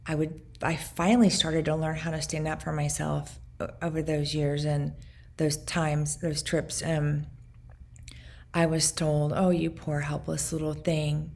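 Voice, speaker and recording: A woman in her forties with a low voice speaks in a personal video journal. Her tone has a gravelly edge. She sounds earnest and reflective, pausing between short, halting phrases. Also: level tone, a little mellow. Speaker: vlogger recounting her past.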